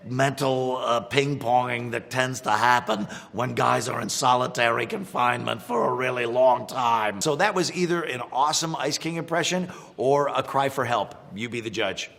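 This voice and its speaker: A man's voice: mid-range voice, normal speed, vocal fry, hardly any pauses, a bit bright, long reverb tail. A middle-aged man, a voice actor, giving dry, joking commentary on impressions of his characters. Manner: dry, wry humor with fillers. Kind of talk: playful commentary.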